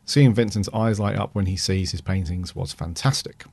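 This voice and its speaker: A low-voiced man co-hosts a fan podcast, reading out listener reviews in an easygoing manner with plenty of ums and uhs. The recording is dry and close. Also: normal speed, vocal fry, husky, dry recording. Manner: relaxed, reads aloud with fillers. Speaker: podcast co-host.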